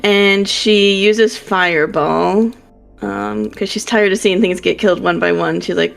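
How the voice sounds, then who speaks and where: A woman player describing her character's actions in a tabletop game, relaxed. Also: medium pitch, takes it slowly, vocal fry, faint music behind. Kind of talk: playing a tabletop role-playing game.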